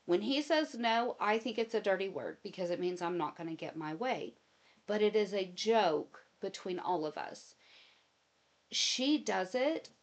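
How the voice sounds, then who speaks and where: A woman hosting casual commentary with a voice of ordinary middle pitch. She talks in an opinionated way and drifts into long personal anecdotes. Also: animated, unhurried. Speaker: commentary host.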